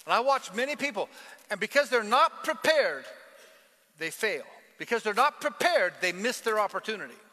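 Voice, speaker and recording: A man preaching a lively sermon to a church congregation, telling a joke and calling for responses from the listeners. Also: high voice, normal speed. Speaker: pastor. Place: large church hall. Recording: long hall reverb.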